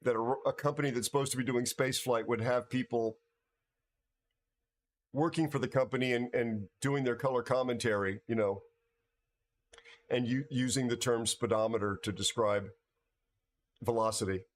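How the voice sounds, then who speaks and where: An older American man chats with his livestream viewers in a halting, rambling way, restarting his sentences often. He sounds tired from a night without sleep, his voice sitting at an ordinary middle pitch. A faint hiss runs underneath. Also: steady tone. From United States. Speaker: livestream host. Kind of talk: casual livestream chat with viewers.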